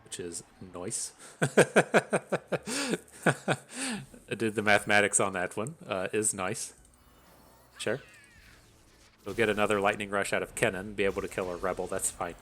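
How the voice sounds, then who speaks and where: A man giving casual commentary on his own card game as a streamer, thinking out loud in an analytical, wry way. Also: on the low side, level tone, a little fast, pauses often.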